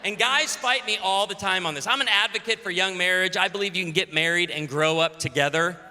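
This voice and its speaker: A man in his forties preaching from a stage, his voice high and very bright as he throws out quick jokes and calls to the crowd. It rings with a long hall echo over a faint ambient hum. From Illinois. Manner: joking, punchy, calls out to the audience. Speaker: pastor speaking at a women's conference. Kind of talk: humorous conference sermon. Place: large convention hall.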